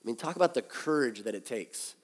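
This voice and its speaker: A man's voice: mid-range voice, expressive, fairly quick, slightly rough. A man preaching a sermon as pastor, talking conversationally and with animation. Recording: long hall reverb.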